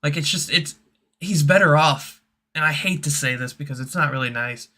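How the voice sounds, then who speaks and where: Male guest, blunt and matter-of-fact, bright forceful tone. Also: fairly high pitch, normal speed. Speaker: guest on a fan stream. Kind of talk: casual post-match fan chat.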